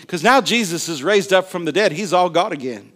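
A man with a fairly high voice preaches in a drawl. He is lively and conversational, and he jumps into character voices to act out the Bible stories he tells. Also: fairly quick. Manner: animated, acts out Bible scenes with voices and laughter. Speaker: pastor. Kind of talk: sermon.

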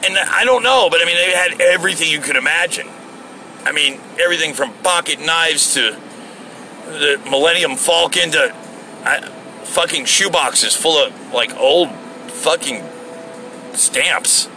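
Here the same setup recurs: a solo show host driving and talking to himself, cursing and joking while the road and the AC hum underneath. This time his fairly high, bright voice moves a little slowly and carries a forceful edge.

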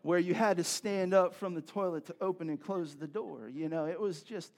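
Pastor guy in his 40s, kinda high voice, chatty preaching, talks right to the crowd. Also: normal speed. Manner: conversational, animated storytelling with laughs and asides to the congregation. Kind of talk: sermon.

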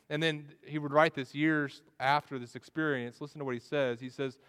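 A man's voice: fairly high pitch, fairly even intonation, fairly quick, hardly any pauses, fairly bright tone, smooth. A man preaching a sermon in an earnest way, often restarting his phrases. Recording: long echo of a large hall.

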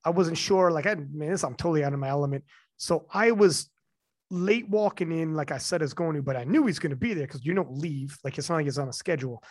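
A man in his forties tells a personal story in a loose, candid chat, swearing freely and not hiding his feelings. His voice sits a little high for a man. The recording is close and dry. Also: fast talker, dry recording. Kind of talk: casual chat.

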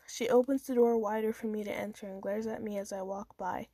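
A woman's voice: medium pitch, fairly even intonation, a little fast, few pauses, mellow, no echo. A woman reading her own first-person story aloud in a casual amateur manner, with small stumbles and restarts.

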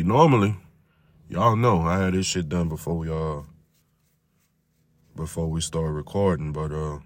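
A very deep-voiced man hosts a podcast on his own. He talks loosely and profanely, rambling along and stretching words out in long repeated runs. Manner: profane, rambling, drawn-out repetitions. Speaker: podcast host. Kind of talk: casual monologue.

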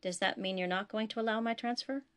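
A woman reading the lines of a weary, guarded male starship doctor in a quiet, restrained way. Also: mid-range voice, a little fast, close to an everyday voice.

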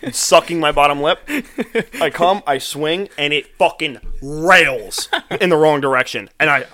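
A young man with a bright, forceful voice, pitched a touch high, tells animated stories in casual chat among friends. He swears constantly and laughs as he goes. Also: unhurried, no room sound. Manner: animated storytelling, heavy swearing, laughing often.

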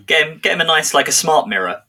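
A man's voice: a little high, lively intonation, fast talker, sharp tone. A man co-hosting a podcast, chatting casually and joking. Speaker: podcast co-host. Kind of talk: casual chat.

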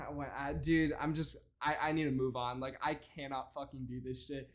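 A young man doing casual reaction commentary, profane and mocking with rapid-fire rants. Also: medium pitch, flat delivery.

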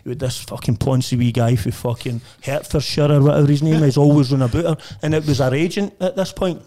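A man's voice: a little high, brisk, mellow. A middle-aged man with a Scottish accent, a podcast guest swearing and chuckling his way through stories in casual chat.

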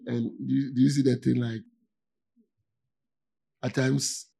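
A pastor gives an easygoing, conversational sermon in a medium-pitched voice that barely moves in pitch, sounding creaky and dark with a breathy edge. He pauses and laughs often, repeatedly asking "do you see?" to make sure he's being followed.

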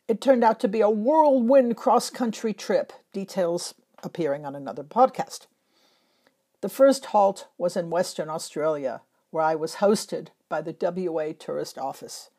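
A woman from Northern Europe, a travel photographer, narrating her travel memories in a measured, reflective way. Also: on the low side, mellow. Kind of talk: scripted first-person travel narration.

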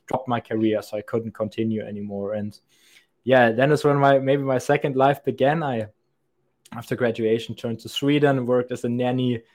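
A man's voice: medium pitch, a little mellow. A young man with a thick German accent, a podcast guest chatting casually, often stammering and restarting his sentences. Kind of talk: casual chat.

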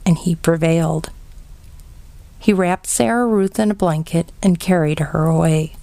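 Slow, gentle woman reading a storybook. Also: on the low side, creaky, no echo. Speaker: audiobook reader. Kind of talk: storybook narration.

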